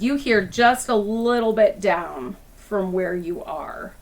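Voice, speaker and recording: Slow, calm woman game master. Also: mid-range voice. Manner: unhurried, plain narration with small fillers. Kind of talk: narrating a tabletop game.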